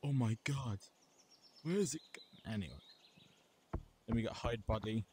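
A man's voice: medium pitch, normal speed. Offhand young man listing game options. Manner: reads out menu items in short bursts, offhand. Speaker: gameplay reviewer. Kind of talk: casual game mod walkthrough. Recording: loud background noise.

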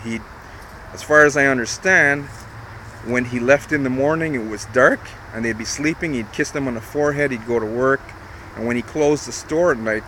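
A man's voice: medium pitch, fairly bright tone, a little hiss or hum. Man telling a motivational story outdoors. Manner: emphatic and repetitive, addresses viewers directly, mild swearing. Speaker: online marketer. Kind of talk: casual motivational vlog storytelling.

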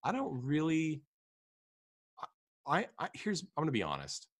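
A man's voice: on the high side, wildly swooping pitch, normal speed, dry recording. A man hosting a casual film-discussion podcast, rambling with many fillers and restarts. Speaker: podcast host.

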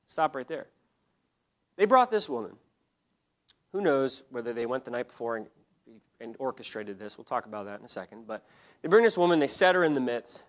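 A man teaching a church Bible lesson, telling the story in an animated way, acting out the quotes, often restarting his sentences. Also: mid-range voice, a little fast.

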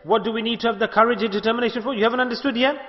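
A man giving an impassioned sermon as a sheikh, asking rhetorical questions and moving between soft and loud passages. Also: very high-pitched, steady tone, racing. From United Kingdom. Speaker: sheikh giving a religious talk. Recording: long hall reverb, dull lo-fi sound.

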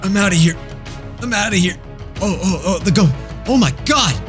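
A man giving jokey, excitable commentary while playing a game. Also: high voice, moderate pace, over music. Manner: excitable, jokey, frequent laughs. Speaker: gaming youtuber. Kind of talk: gameplay commentary.

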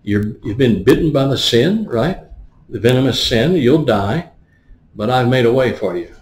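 A man's voice: medium pitch, lively intonation, normal speed, a little mellow, reverberant. A man preaching a teaching sermon. He explains words one by one and often stops to ask "right?". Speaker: pastor.

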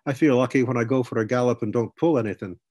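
A man's voice: medium pitch, fast, darkish tone, lightly acted. A man voicing a big, jovial male centaur cavalry trainee with an Irish accent, chatty and explanatory, in an audiobook.

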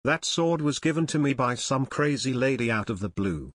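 A man reading the part of a gruff, short-tempered grown man who scoffs and snaps at guests in a storybook. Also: medium pitch, lively intonation, normal speed, dry recording. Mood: irritated. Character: gruff grumpy grown man, curt and dismissive.

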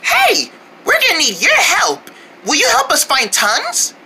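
A woman's voice: very high voice, wildly swooping pitch, unhurried, sharp tone, slight background noise. A woman voicing a caring big sister in a children's cartoon who talks cheerfully to the viewers. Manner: cheerful, coaxing the audience.

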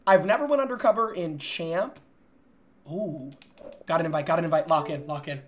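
A man streaming a video game, talking excitably with loud, profane outbursts and yelling. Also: fairly high pitch, normal speed, a little hiss or hum. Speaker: gaming streamer. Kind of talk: excitable gameplay commentary.

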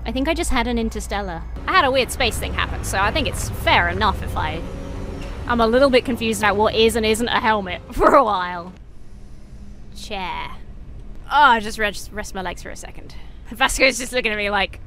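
A young woman streaming games, excitable, often laughing and yelping. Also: on the high side, normal speed, faint music behind. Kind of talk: gaming livestream commentary.

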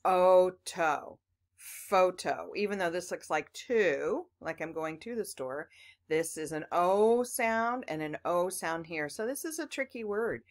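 A woman's voice: fairly low pitch, lively intonation, measured pace. A woman teaching children phonics, patiently sounding out words letter by letter and talking to the class as boys and girls.

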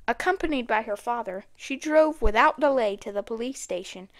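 A woman narrating an audiobook in a steady storytelling manner. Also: fairly high pitch, moderate pace. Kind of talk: scripted narration.

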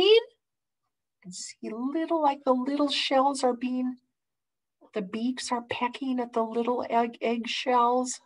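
A children's librarian reading a picture book aloud to preschoolers in an animated way, pausing to ask the kids questions. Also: female voice, high voice.

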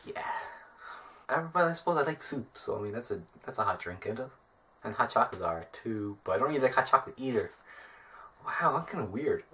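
A man's voice: medium pitch, expressive, a little fast, pushed and bright. A man with an Irish accent giving a wry, self-mocking comic vlog monologue. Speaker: vlogger.

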